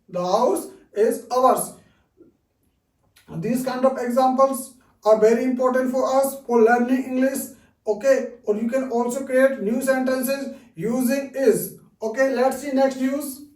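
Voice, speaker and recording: Man, English teacher, high-pitched, slow and repetitive delivery for beginners; distant mic in an echoey room. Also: darkish tone. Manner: slow and patient, repeats each example, frequent "okay". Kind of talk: grammar lesson for beginners.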